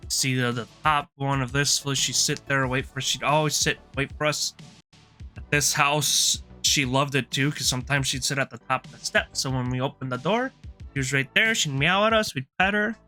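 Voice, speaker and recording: A man's voice: medium pitch, moderate pace, bright, forceful tone, soft background music. A man streaming live, telling a long rambling story in casual chat, laughing often and restarting his sentences.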